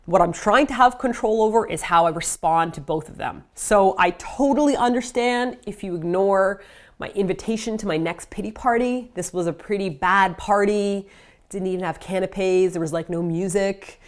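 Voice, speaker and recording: Woman in her thirties, personal vlog, candid, self-deprecating, mid-pitched voice. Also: normal speed. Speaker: vlogger.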